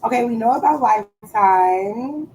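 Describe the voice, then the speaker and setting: A woman chatting casually on a live stream, loud and playful, swearing freely and trailing off as she searches for words. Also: a little high, expressive, unhurried, a little hiss or hum, poor audio.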